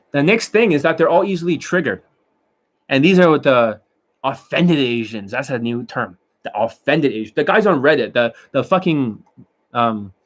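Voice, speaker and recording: A man who is a dating coach, talking in a rambling, boastful and profane monologue. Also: a little high.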